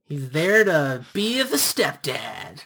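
A man co-hosting a casual movie review chat, easygoing and measured. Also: a little high, very animated, sharp tone, breathy edge. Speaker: podcast co-host.

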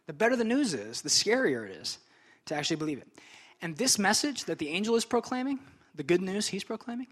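A man's voice: on the high side, a bit bright. A young man preaching a sermon as pastor, conversational and chatty, with frequent casual asides.

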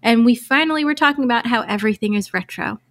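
A woman's voice: fairly high pitch, fast, a bit bright. A woman co-hosting a podcast, speaking with careful, trained diction and no regional accent. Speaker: podcast co-host. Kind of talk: casual chat.

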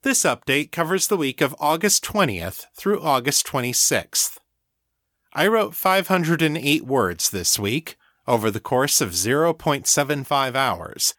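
Lively man reading a podcast outro. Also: mid-range voice, no room sound, studio quality. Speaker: podcast host. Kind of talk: scripted show outro.

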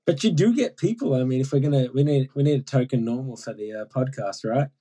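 A man co-hosting a podcast, telling teasing, animated stories in a casual chat. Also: mid-range voice, fast talker, husky, low-quality recording.

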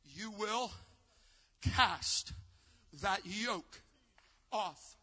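High-pitched, fervent shouting preacher man. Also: lively intonation, extremely slow, long reverb tail. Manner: fervent shouted preaching, drops to a hushed storytelling tone. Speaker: youth conference preacher. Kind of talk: live sermon. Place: live church service.

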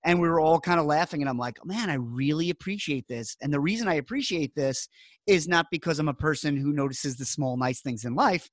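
A man's voice: a little high, fairly quick, dry recording, clean studio sound. A middle-aged man hosting a podcast, telling rambling wry stories in casual chat. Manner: rambling, wry storytelling with filler words. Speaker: podcast host.

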